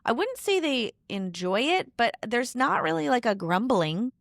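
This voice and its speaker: A woman in her thirties hosts a podcast interview in a loose, chatty manner, with plenty of "you know" and "like". Her voice has a gravelly, fry-tinged texture, and it sounds dry and close. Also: on the high side, sing-song, a little slow, no echo. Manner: chatty, with many fillers. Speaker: podcast host. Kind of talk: casual conversational interview.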